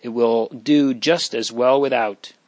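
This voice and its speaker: Male reader voicing a proud young noble girl, storybook, unforced, mid pitch. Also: steady tone, slow, a little mellow, no room sound, lightly acted. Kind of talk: audiobook reading.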